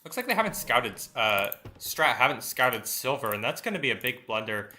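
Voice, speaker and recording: A man's voice: medium pitch, very animated, moderate pace, bright, forceful tone. A man commentating a strategy game match, thinking aloud with many fillers and restarts. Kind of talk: esports commentary.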